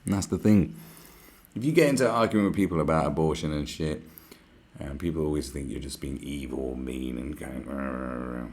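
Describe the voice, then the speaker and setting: A man hosting a podcast, delivering a profane, animated ranting monologue and mocking other people's voices. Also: very deep voice, a little fast, husky. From United Kingdom. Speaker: podcast host.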